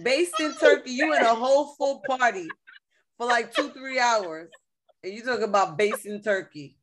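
A woman's voice: a little high, normal speed, a little hiss or hum. Teasing New woman co-host. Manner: teasing, laughing banter. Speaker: podcast co-host. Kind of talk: casual chat.

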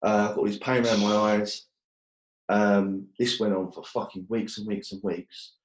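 A man's voice: lowish voice, fairly even intonation, normal speed, echoey room. A man telling his story as a guest, blunt and swearing often, joking about hard times. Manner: blunt, swears a lot, jokes about hardship. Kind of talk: casual storytelling.

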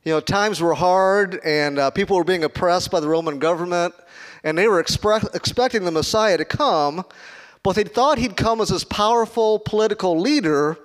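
A man from Chicago preaches in a loose, conversational way. He jokes with the congregation and throws questions out to them, his voice pitched a little high for a man. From Chicago, United States. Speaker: pastor. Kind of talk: sermon.

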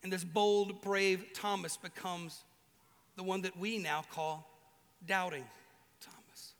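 A man preaching with a high, bright voice, animated and playful as he acts out little voices. His sound carries a long reverb from a big hall. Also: takes it slowly, clear, resonant tone. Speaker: pastor. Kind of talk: sermon.

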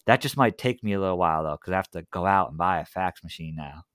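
A male prank caller playing dumb in a deep, drawn-out, innocent voice. A man puts him on while telling a story. The voice is dry and close, with no room sound. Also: expressive, fairly bright tone, clear, resonant tone, dry recording. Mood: mock-innocent. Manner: low, slow, mock-innocent.

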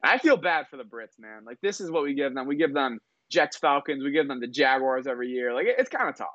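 A man rattles through game predictions at a brisk clip as a sports talk co-host. His voice sits in a middle range and sounds a bit dull and lo-fi. The room is dry, with no echo. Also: medium pitch. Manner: fast, energetic analysis with quick asides. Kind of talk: sports talk show banter.

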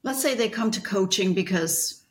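A woman's voice: medium pitch, animated, moderate pace. A woman leadership coach as an interview guest, explaining her views in reflective, searching phrases. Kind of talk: casual interview conversation.

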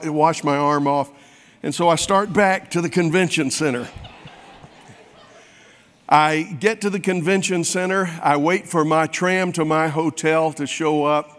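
A man preaching a sermon, telling a folksy, self-mocking story to his congregation. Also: fairly high pitch. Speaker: pastor. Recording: long hall reverb.

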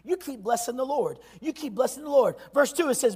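A man preaching a sermon in a shouting, call-and-response style, swinging from loud cries down to quiet low stretches. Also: expressive, a little fast, hardly any pauses, slightly rough.

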